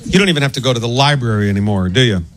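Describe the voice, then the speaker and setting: A man doing stand-up comedy with deadpan, self-mocking one-liners. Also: medium pitch, very fast. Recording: live stand-up recording with noise.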